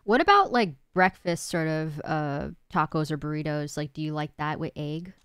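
Chatty woman with a smooth, dry voice. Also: deep voice, expressive, moderate pace, a bit bright, dry recording. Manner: chatty, reads out viewer comments, laughs easily. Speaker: stream co-host. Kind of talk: casual chat on a live stream.

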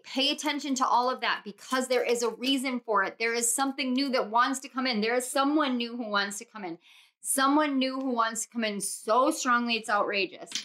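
Bright, bubbly young woman reading tarot. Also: high-pitched. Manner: bubbly, gushing, breaks into laughs and squeals. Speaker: tarot reader. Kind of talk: casual tarot reading to viewers.

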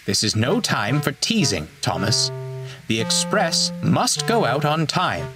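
A gentle, wise old engine, played by a man for a storybook, good-humoured and calm. He talks slowly, with a lively, rising and falling pitch. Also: over music. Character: kindly older male engine, gentle and wise. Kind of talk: storybook voice acting.

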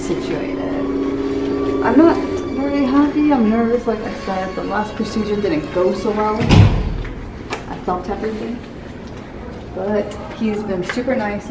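A woman's voice: mid-range voice, heavy background noise. A young woman vlogging casually to camera, talking candidly and chattily and swearing freely. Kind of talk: casual vlog talk to camera.

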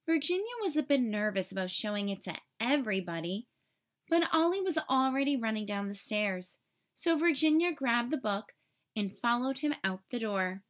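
A woman teacher reads a children's story aloud, telling it expressively. Her voice is fairly high-pitched and she speaks at normal speed.

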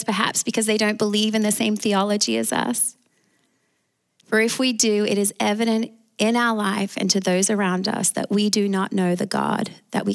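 A woman with an Australian accent preaching a sermon as pastor, calling out for amens from the congregation. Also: mid-range voice. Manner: preaching with call-and-response amens.

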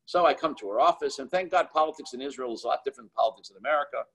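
A middle-aged man, a rabbi, telling stories in an animated way, with many restarts and quoted dialogue. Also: medium pitch, very fast, slightly rough, low-quality recording. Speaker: Chabad rabbi and author. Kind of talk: storytelling talk.

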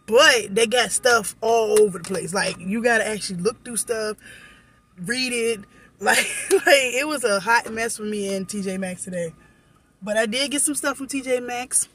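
A woman's voice: medium pitch, fairly bright tone. Woman vlogger, casual and blunt, swears freely, talks to viewers as y'all, phone mic. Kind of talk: casual vlog chat.

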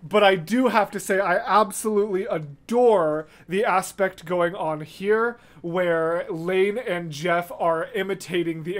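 A reaction video host giving casual, excitable commentary, gushing and chatty with fillers, scatting rhythms to make points. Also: medium pitch. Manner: scats rhythms to illustrate points.

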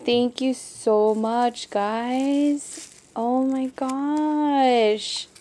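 A woman's voice: high-pitched, fairly even intonation, extremely slow, mellow. A young adult woman unboxing a gift on her crafting vlog, gushing and repeating how surprised she is while talking to her viewers. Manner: gushing, repeats "oh my gosh", talks to viewers as "guys". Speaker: crafting vlogger.

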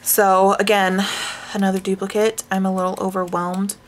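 A woman vlogger chatting casually while showing her coloring books, rambling and self-deprecating, with sighs and hushed asides. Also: medium pitch, flat delivery, normal speed, a little hiss or hum. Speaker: craft vlogger.

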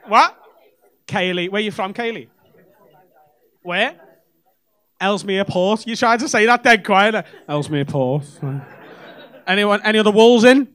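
Cheeky high-voiced comic. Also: male voice, steady tone, measured pace, long pauses, fairly bright tone, smooth. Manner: cheeky, swearing banter with audience. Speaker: stand-up comedian. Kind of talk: crowd work. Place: comedy club stage. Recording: live comedy club with audience laughter.

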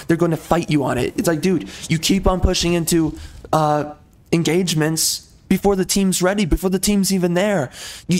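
A man hosting a gaming channel, ranting in a frustrated, rambling monologue with repeated phrases and mild swearing. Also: a little high.

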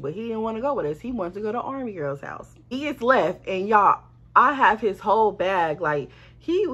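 A woman's voice: fairly low pitch, husky. Woman w/ aave ranting thru a story, swears a lot, slightly dull lo-fi sound. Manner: animated, swearing, slangy, addresses viewers as y'all. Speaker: storytime vlogger. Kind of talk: casual storytelling to camera.

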